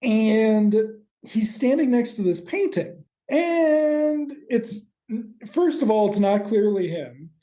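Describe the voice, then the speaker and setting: A man co-hosting a podcast, casually recapping a TV episode in rambling, quick asides with the odd swear word. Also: high-pitched, sing-song, warm tone. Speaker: podcast co-host.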